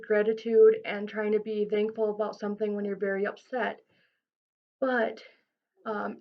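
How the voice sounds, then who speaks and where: A woman's voice: on the high side, highs cut off. A woman giving informal mental health advice to camera, earnest and reassuring, with frequent ums and restarts.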